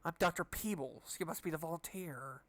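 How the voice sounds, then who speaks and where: A man's voice: on the high side, moderate pace, fairly bright tone, no room sound, natural voice. An impatient old inventor who keeps cutting people off, drawing out his words in a slightly raised voice, as a man puts him on. The sound is dry and close, with no room around it. He comes across as an eccentric storybook scientist. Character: eccentric older male time-travel scientist, impatient.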